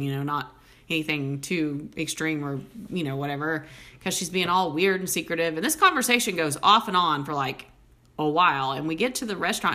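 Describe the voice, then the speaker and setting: A woman, hosting a podcast and telling stories in a casual, animated way full of "like" fillers. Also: low-pitched. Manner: animated storyteller, many "like" fillers. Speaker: podcast host. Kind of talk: casual chat.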